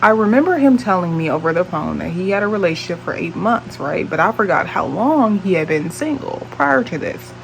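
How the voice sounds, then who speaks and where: A woman's voice: on the low side, expressive, a little fast, gravelly, hardly any pauses, a little hiss or hum, rough recording. A woman in her late twenties telling a dating story on her vlog in a blunt, profane, exasperated way. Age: late 20s. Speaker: vlogger.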